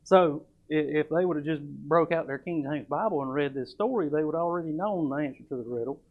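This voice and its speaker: A man's voice: on the high side, fairly quick. A man preaching a sermon at a church service. He talks in a folksy, emphatic way and reads old scripture aloud. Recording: dull lo-fi church recording.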